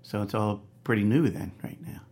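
Very deep, husky-voiced woman host. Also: normal speed, darkish tone. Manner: brief encouraging prompts and questions. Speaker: radio host. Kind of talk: radio interview.

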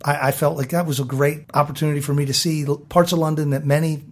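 A middle-aged American man from Baltimore, telling a lively story as an interview guest and acting out the people he quotes. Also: on the high side, fast. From South Baltimore, USA. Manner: animated storyteller who acts out quoted voices.

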